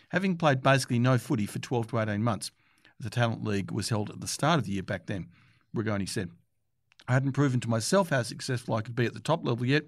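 A man reading sports news articles aloud in a steady way, with the odd filler. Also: medium pitch, no echo, clean studio sound. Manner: steady read-aloud delivery with occasional fillers.

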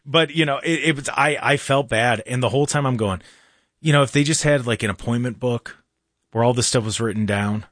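A man's voice: medium pitch, brisk, a bit bright, no echo, studio quality. A man hosting a casual talk show, chatting in a rambling way with many restarts and fillers. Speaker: show host. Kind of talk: casual live-stream show chat.

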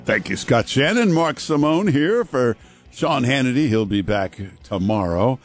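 A man's voice: medium pitch, expressive, a little slow, soft background music. A middle-aged male guest host on talk radio who chats casually and fills his speech with "uh". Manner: casual, conversational, many fillers. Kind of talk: talk radio chat and ad reads.

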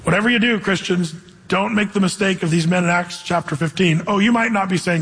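A man's voice: sits high, a little fast, fairly bright tone, breathy edge, in a large hall, rough recording. A man preaching a sermon as pastor, speaking emphatically and conversationally and acting out quotes.

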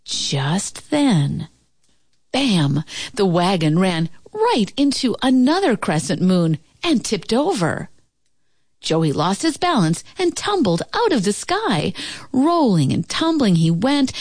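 A woman narrating a children's storybook aloud, expressive with dramatic pauses. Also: medium pitch, no room sound.

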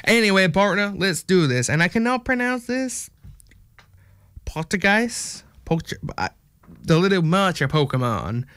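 A man's voice: high-pitched, sing-song, unhurried, fairly bright tone, clean tone, dry recording. A man hosting a casual card pack opening vlog in a put-on American country accent, rambling and correcting himself as he goes. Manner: rambling, self-correcting, chatty.

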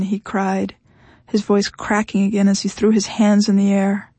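Husky woman narrating an audiobook. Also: mid-range voice, level tone, normal speed, mellow, dry recording.

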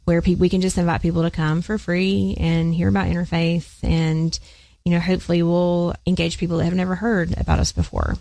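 A woman's voice: fairly low pitch, flat delivery, a little fast, gravelly, dark tone, no room sound. A woman guest in an interview, talking upbeat and enthusiastically about her organization's fundraisers. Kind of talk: casual interview chat.

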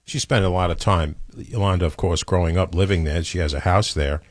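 A man's voice: deep voice, a little fast, dry recording, clean studio sound. A man with a New York accent, co-hosting a casual radio talk show with blunt storytelling. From New York City.

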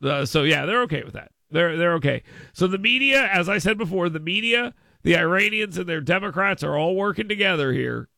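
A man hosting a talk radio show, delivering a sarcastic, mocking monologue that swings from mutters to loud outbursts. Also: high-pitched, animated, a little fast, gravelly, no room sound.

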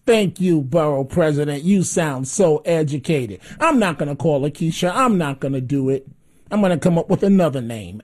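A man with a fairly high voice hosts a call-in radio show. He talks in a combative, mocking way and repeats his jabs for effect. He sounds like a seasoned on-air regular. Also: a little mellow. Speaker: talk radio host.

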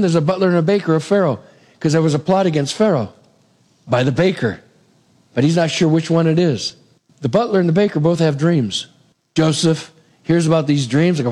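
Middle-aged guy preaching, tells the story lively, slightly higher voice, acts out the lines. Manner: animated storytelling, acting out the figures' lines. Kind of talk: sermon retelling a Bible story.

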